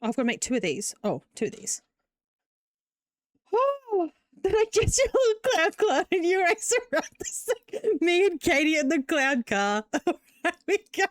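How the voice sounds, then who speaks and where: A woman's voice: very high voice, very animated, moderate pace, dry recording, studio quality. A young woman streaming while she builds Lego, chatting casually and breaking into long fits of giggles.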